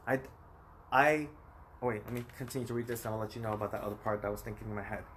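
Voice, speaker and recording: In a lowish, slightly bright voice with a flat delivery, a US man in his thirties talks very fast, with a bit of background noise present. It's a rambling, emphatic personal vlog shot on his phone, aimed straight at the viewer.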